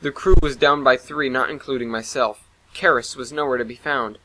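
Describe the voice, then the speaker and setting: A man's voice: medium pitch, steady tone, moderate pace, bright, forceful tone, slight background noise, low-quality recording. A man narrating a first-person science fiction style story, dramatic in delivery.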